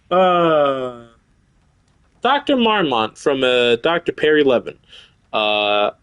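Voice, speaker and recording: A young man streaming a video game, swearing excitably and reading in-game notes aloud. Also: medium pitch, slow pace, pauses often, clear, resonant tone, no echo. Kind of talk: casual live gameplay commentary.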